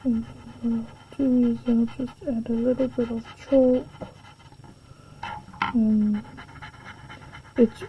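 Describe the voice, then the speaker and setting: A woman from England, narrating a drawing tutorial as she works, soft-spoken and slipping into half-whispered asides. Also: on the high side, steady tone, slow, pauses often, a little hiss or hum. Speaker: art tutor. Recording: dull lo-fi home recording.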